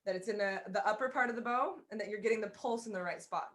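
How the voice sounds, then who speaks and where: A woman's voice: mid-range voice, fast talker, a bit bright, faint music behind. Woman, fiddle teacher, live online lesson, encouraging, step-by-step explanations, fiddle playing behind. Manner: encouraging, explains step by step, sings out bowing rhythms. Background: violin playing.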